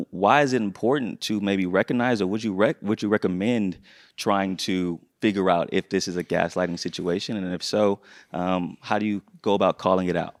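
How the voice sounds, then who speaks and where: Man, moderator, very low voice, relaxed questions, dry close sound. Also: dry recording. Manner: relaxed, conversational, asks long questions. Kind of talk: onstage interview. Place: conference stage.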